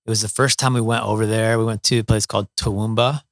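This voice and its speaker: A man's voice: lowish voice, level tone, quick pace, no room sound, studio quality. A middle-aged man from Ohio, a musician, telling stories in a casual interview, with many fillers and restarts. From Toledo, Ohio, USA. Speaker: guest, musician.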